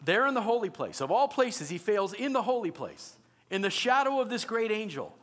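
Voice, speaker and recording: A male pastor preaching in an animated, conversational manner. His voice sits high, and he often turns to his listeners with questions. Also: normal speed. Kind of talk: sermon.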